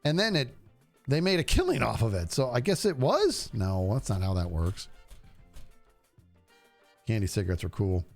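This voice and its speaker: Man, game livestreamer, casual rambling chat, talks to viewers, lively swooping pitch. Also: normal speed, long pauses, faint music behind. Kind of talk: casual gameplay stream chat.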